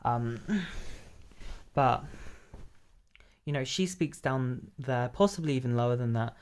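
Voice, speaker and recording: A woman coaching voice in a relaxed lesson, explaining as she goes and checking in with "right?", her voice a little hoarse after a long workshop, recorded lying down. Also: a bass voice, takes it slowly. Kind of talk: casual voice lesson.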